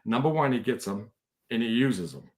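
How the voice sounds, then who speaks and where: A man's voice: mid-range voice, lively intonation, normal speed, a little mellow. A man, a podcast guest telling stories in casual chat, rambling with many restarts. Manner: rambling, restarts often, bursts into laughter.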